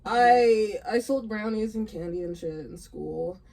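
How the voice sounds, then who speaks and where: A woman's voice: mid-range voice, measured pace, creaky, darkish tone. A young woman co-hosting a casual chat, telling school stories in a blunt, profane way and laughing often. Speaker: podcast co-host.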